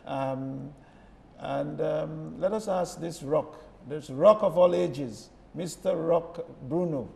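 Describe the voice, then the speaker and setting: A man hosting a broadcast panel discussion, jovial and halting, with frequent restarts. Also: a little high, gravelly, dark tone. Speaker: host. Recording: noisy roomy hall.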